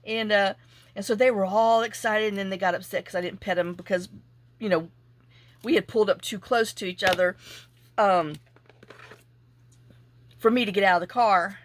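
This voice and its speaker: A woman hosting a crafting vlog, chatting casually and telling a rambling, animated story with asides while she works. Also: medium pitch, moderate pace, long pauses. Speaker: junk journaling channel host.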